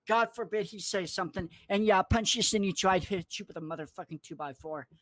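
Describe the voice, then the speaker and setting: A man in a furious, profanity-laden livestream rant, cursing, threatening and mocking people in a squeaky put-on voice. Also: fairly bright tone, no echo. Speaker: online commentator.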